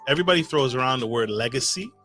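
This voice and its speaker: A man's voice: medium pitch, expressive, rapid-fire, sharp tone, soft background music. A man hosting a podcast interview, enthusiastic and affirming, asking questions and speaking straight to his listeners. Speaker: podcast host.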